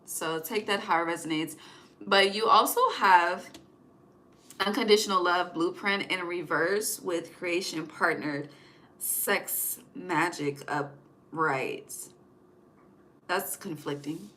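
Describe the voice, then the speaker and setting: A woman's voice: lowish voice, takes it slowly, bright, forceful tone, slight background noise. A young woman giving a casual tarot reading, chatty and profane, often laughing and trailing off mid-thought. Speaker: tarot reader.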